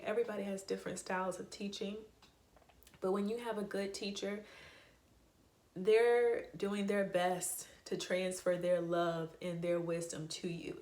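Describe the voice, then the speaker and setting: A woman's voice: mid-range voice, darkish tone. Heartfelt woman talking in an echoey room. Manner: heartfelt, rambling with fillers and restarts. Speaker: vlogger, voice teacher. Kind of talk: casual personal storytelling.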